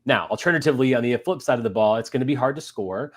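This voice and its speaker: A man co-hosting a sports podcast from a hotel room, talking in an emotional, excitable way with lots of fillers. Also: mid-range voice, fast talker. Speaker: podcast co-host.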